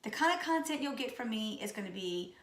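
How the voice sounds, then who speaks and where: A woman in her late thirties from Louisiana, with a Louisiana accent, who sounds raspy and sick, chatting casually and goofily to camera about herself. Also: on the high side, expressive, a little fast, echoey room. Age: 30s. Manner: goofy, chatty. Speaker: vlogger. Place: room at home.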